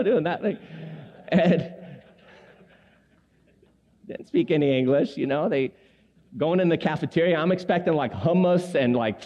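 Preaching to a men's gathering, a man in his forties who was born in Lebanon uses a mid-range, slightly mellow voice. His humorous, conversational sermon is built on stories in which he plays out each character, captured with dull lo-fi sound in an echoey hall.

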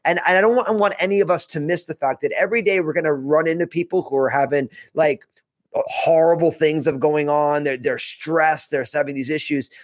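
A man's voice: a little high, fairly even intonation, a little fast, dry recording. A man hosting a faith conversation, earnest, often repeating words as he thinks. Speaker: podcast host.

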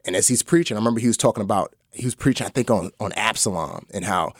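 A man as a podcast guest, telling his personal faith story in earnest, often dropping to a soft low voice at the hard parts. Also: fast, no echo, clean studio sound. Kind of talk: personal testimony in a podcast interview.

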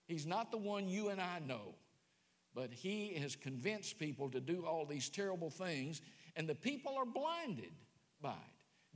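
High animated preacher man, voice swings all over, echoey church. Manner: animated, rhetorical questions to the congregation. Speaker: pastor. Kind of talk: sermon. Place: church sanctuary. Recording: long church hall reverb.

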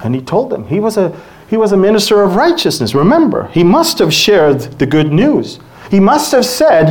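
A preacher giving a lively sermon to a church audience, acting out scenes and dropping from loud exclamations to hushed asides. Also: medium pitch, unhurried. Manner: animated, acts out dialogue with exaggerated voices.

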